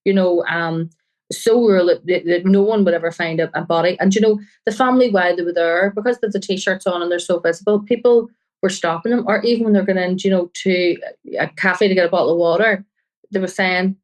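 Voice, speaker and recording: Earnest low-voiced woman journalist. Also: steady tone, fairly quick, poor audio. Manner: earnest, quotes people she met. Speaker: journalist guest. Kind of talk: podcast interview.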